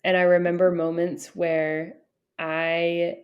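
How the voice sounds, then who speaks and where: Earnest low-voiced woman podcast host. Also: flat delivery, slow, lo-fi sound. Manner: earnest, reflective, many fillers. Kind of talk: casual chat.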